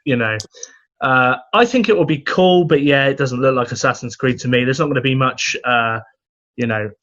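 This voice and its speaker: A young man co-hosting a podcast, talking in a laid-back, halting way with dry humor. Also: medium pitch, a bit bright. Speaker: podcast co-host. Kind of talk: casual chat. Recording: slightly dull, muffled sound.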